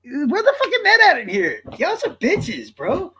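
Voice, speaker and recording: A man in his fifties ranting to his stream chat in a profane, cocky, combative way. His voice sits high for a man and swings widely as he taunts and brags. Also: huge pitch swings, measured pace, bright, forceful tone, a little hiss or hum. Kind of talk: livestream rant to chat.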